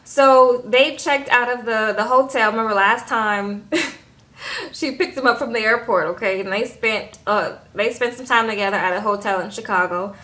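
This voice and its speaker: Sassy, animated woman recapping a show. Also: on the high side, moderate pace. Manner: animated, sassy, acts out quotes in voices, says "okay?" a lot. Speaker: reality TV recap vlogger. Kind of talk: casual chatty recap.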